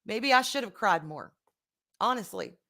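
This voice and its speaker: A woman talking casually on her own live stream. She is candid and rambling, swears freely, and swings between soft, quiet stretches and loud bursts as she reads viewer comments aloud. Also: medium pitch, sing-song, a little slow. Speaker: livestream host.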